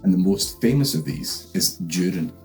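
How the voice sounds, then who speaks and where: A man's voice: deep voice, lively intonation, moderate pace, a little mellow. Young scottish guy recapping a book for laughs, lots of likes and swearing, faint music behind. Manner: rambling, swearing, full of fillers. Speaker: host.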